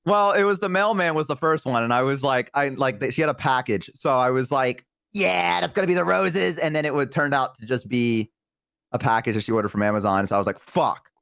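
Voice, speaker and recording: A man's voice: mid-range voice, quick pace, clean tone, dry recording, clean studio sound. A young man in his twenties with a Southern US accent, telling stories in casual chat and acting out what people said. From American South. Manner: animated, self-deprecating, acts out quotes. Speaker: streamer.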